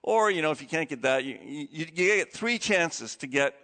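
Guy preaching, kinda high voice, big hall echo, gets animated telling stories. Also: moderate pace. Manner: animated storytelling, acting out quoted voices. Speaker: pastor. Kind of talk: sermon. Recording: long hall reverb.

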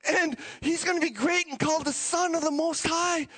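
A man's voice: extremely high pitch, fairly even intonation, moderate pace, bright, forceful tone, voice pushed up. A man voicing a joyful male angel messenger who announces good news eagerly and reassuringly.

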